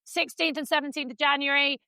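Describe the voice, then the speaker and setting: A woman co-hosting a podcast in casual chat, chatty and quick to laugh. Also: sits high, fairly even intonation, sharp tone, no room sound. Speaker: podcast co-host.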